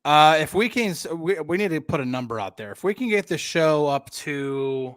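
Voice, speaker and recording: A man's voice: a little high, animated, moderate pace, clean tone, no room sound, studio quality. A man co-hosting a sports podcast, talking analytically and casually, with frequent restarts. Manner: conversational, analytical, many restarts. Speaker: podcast co-host.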